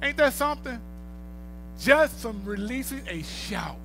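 A middle-aged man preaching a sermon. His voice sits very high for a man and rings bright and sharp, and he often swells to loud, emphatic peaks. Faint music plays softly behind him. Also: animated, a little slow. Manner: preaching with rising bursts of volume and storytelling. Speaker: pastor.

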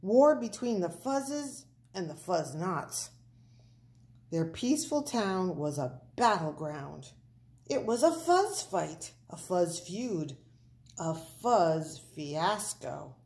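A woman reading a children's picture book aloud, slow and playful with the words. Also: on the low side. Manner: slow, expressive, playful wordplay. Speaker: storyteller.

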